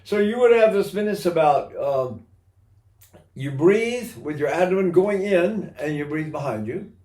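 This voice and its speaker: A man's voice: fairly high pitch, lively intonation, unhurried, darkish tone, roomy sound. An older man teaching singing technique in a rambling way, breaking into sung vowels and imitated voices to demonstrate. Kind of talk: recorded voice lesson.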